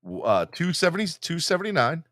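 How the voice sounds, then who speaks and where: A male podcast host talking in a casual, playful way, teasing his listeners. His pitch swings widely as he jokes and hypes himself up. The sound is dry and close to the mic. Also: sing-song, brisk, a bit bright, no room sound. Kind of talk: casual live podcast chat.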